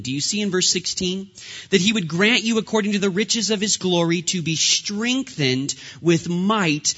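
A man in his thirties, a pastor, preaching a sermon with lively, humorous storytelling. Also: high voice, slightly rough, lo-fi sound.

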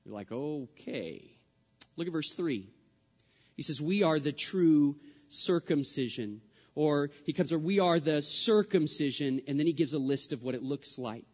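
A male pastor preaching a sermon, emphatic, repeating refrains and swinging between loud and hushed lines. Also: on the high side, lively intonation, normal speed. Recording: dull sound with long hall reverb.

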